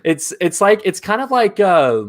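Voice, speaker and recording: A man's voice: sits high, big pitch swings, moderate pace. Laughing, chatty male movie host. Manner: enthusiastic, laughs often, many fillers. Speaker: host of a movie ranking show. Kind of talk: casual chat.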